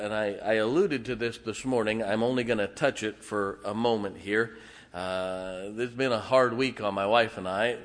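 Middle-aged male pastor preaching in a church, lowish voice, folksy and halting, long hall reverb. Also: a bit bright. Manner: folksy, halting with many fillers. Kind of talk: sermon. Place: church sanctuary.

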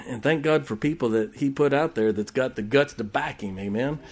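A man's voice: mid-range voice, a little hiss or hum. Folksy preacher man. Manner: folksy, joking preaching with shouted exclamations. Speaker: pastor. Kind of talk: sermon.

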